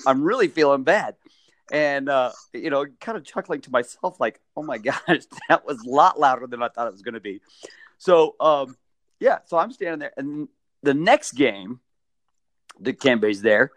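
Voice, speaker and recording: A man hosts a loose chat and spins stories from his mascot days, one after another. His pitch is a bit high and moves around a lot. The sound is close and dry, with no room echo. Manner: chatty, animated storyteller. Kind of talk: casual storytelling chat.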